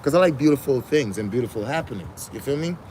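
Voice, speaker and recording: A man's voice: mid-range voice, animated, fast talker, darkish tone, slight background noise, poor audio. A man on a casual livestream, talking slangy and profane, laughing often and hammering home repeated phrases. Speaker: livestream host.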